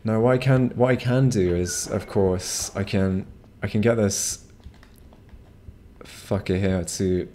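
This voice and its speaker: A man's voice: on the low side, fairly even intonation, slow pace, mellow, slight background noise. A man streaming a game on a home microphone, rambling casually with lots of swearing and restarts. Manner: rambling, profane, frequent restarts. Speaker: gamer streaming a playthrough. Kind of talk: casual gameplay commentary.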